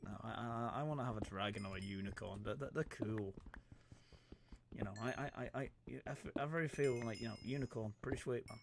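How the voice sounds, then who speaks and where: A man's voice: lowish voice, a little fast, vocal fry, background noise. A young man, rambling and joking, stammering often and swearing casually as he chats on a gaming livestream. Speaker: streamer.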